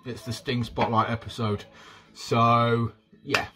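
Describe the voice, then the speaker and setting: A man hosting a casual wrestling podcast, talking in a relaxed, upbeat way with lots of fillers. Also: mid-range voice, takes it slowly, low-quality recording. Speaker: podcast host.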